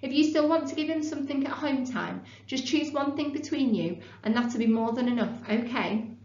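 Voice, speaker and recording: A woman reading aloud and voicing a kind, motherly woman gently advising children in a storybook. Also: high-pitched, lively intonation, normal speed, roomy sound, recorded from a distance, muffled recording, a little hiss or hum, pitched above the performer's own voice. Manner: light, motherly. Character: warm mother figure, laughing and kind.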